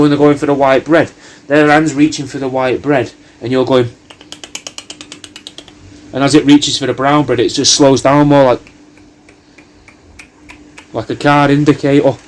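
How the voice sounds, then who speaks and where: Brief: male comic, pitched a little high, rambling and sweary, spinning absurd tangents. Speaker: comedian recording a personalised video message.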